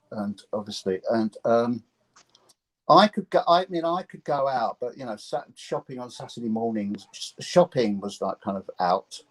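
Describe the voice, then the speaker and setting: A man, telling stories in a casual interview. He stops and restarts often and slips in dry, sarcastic jokes. His voice sits at an ordinary middle pitch. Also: low-quality recording. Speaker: guest musician.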